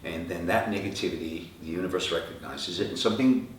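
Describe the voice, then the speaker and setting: A middle-aged man, a rock singer, telling lively stories in an interview and acting out the voices of the people in them. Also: low-pitched, quick pace. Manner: animated anecdotes, acting out quoted dialogue. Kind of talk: storytelling interview answers. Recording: echoey room, from far off, faint noise.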